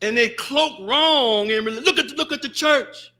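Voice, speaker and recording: A man with a very high, bright, forceful voice preaches a sermon in a mosque. He delivers it with fervor and breaks into shouts to drive his points home. Between them he mimics people's excuses in wry, drawn-out asides. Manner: fervent preaching with shouted bursts. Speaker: student minister.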